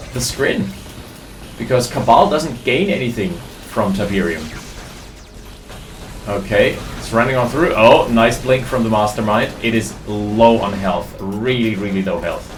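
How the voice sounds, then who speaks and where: A man giving live, excitable commentary on a strategy game, thinking aloud as he goes. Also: mid-range voice, reverberant. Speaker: game caster.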